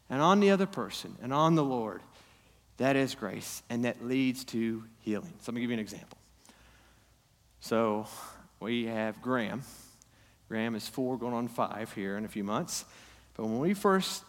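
A man in his thirties preaching a sermon in a church hall, swinging from loud emphatic peaks down to quiet, low asides. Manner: impassioned, rising to loud emphatic peaks then dropping low. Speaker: pastor. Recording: long hall reverb.

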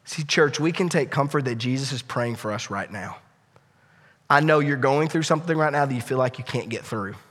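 A male pastor preaching a sermon with passion, swinging from loud appeals to hushed, quiet lines. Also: mid-range voice, brisk, in a large hall.

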